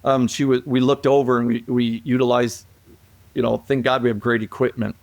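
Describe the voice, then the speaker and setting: A man's voice: medium pitch, little pitch movement, moderate pace, dry recording. Man telling stories in a dry room. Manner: rambling, repeats and restarts, acts out quoted calls. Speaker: police aviation guest. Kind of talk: casual storytelling interview.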